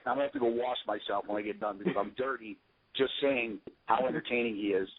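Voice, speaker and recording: A man's voice: mid-range voice, quick pace. A man, a pro wrestler guest, telling casual stories in a rambling, profane, jokey way. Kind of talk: casual storytelling. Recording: tinny phone line.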